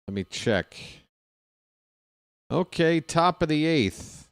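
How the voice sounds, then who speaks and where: A man's voice: medium pitch, animated, drawn-out words, long pauses, clear, resonant tone, dry recording. A man hosting a baseball live stream, chatting casually and rambling with joking asides to his viewers. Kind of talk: casual post-game stream chat.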